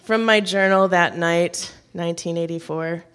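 A woman's voice: medium pitch, unhurried. Woman storyteller, live on stage; wry, self-mocking, light laughs. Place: on stage before an audience.

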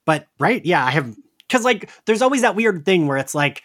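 A man co-hosts a podcast in a loose, chatty way. His voice sits high and a little bright, swinging widely in pitch at a moderate pace, and he rambles with plenty of "like"s and laughs often.

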